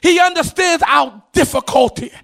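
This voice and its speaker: A man preaching a sermon in a chanting, repetitive cadence, often rising into shouts and sing-song. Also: extremely high pitch, normal speed, creaky. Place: church.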